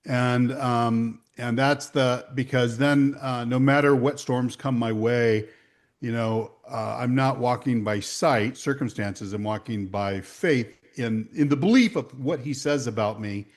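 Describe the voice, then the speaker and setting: A man's voice: mid-range voice, unhurried. A man in his sixties, a longtime entrepreneur, speaking earnestly about his faith in conversation. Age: 60s. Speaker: veteran entrepreneur guest. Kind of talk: conversational testimony.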